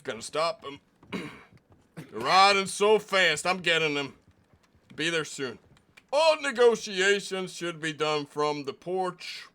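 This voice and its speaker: A man playing a fussy male deputy marshal in a western roleplay game, laying down rules in a slow, officious way. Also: a little high, animated, sharp tone, pitched above the performer's own voice, full character voice. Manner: officious, drawn-out rule-laying.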